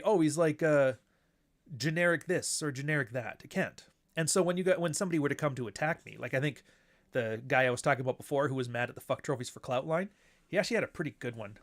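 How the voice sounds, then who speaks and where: A man's voice: mid-range voice, fast talker. A man hosting his own show in a casual monologue, blunt and profane, who now and then mocks others in put-on voices. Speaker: show host.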